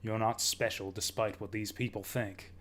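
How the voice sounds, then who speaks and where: A man voicing a principled sheriff who lectures a defeated outlaw in a low, measured tone, reading video game dialogue aloud. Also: steady tone, fairly bright tone. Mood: stern.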